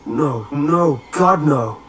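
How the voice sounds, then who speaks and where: A man voicing a panicked young man who shouts frantically as he flees in terror. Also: medium pitch, animated, slow, echoey room, a little hiss or hum. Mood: despairing.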